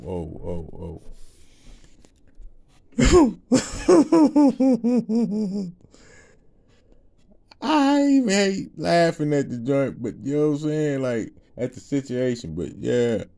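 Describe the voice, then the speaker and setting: Addressing a crowd as a ministry speaker, a man casually shares his personal testimony in a mellow, relaxed, gravelly mid-range voice. He laughs often, rambles in slang, and keeps asking "you know what I'm saying".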